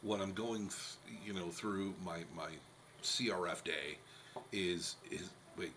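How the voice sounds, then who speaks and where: A man's voice: deep voice, slow pace, a bit bright, slight background noise. A man co-hosting a podcast, telling jokey stories with frequent laughs and stammered restarts. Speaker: podcast co-host. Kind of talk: casual podcast chat.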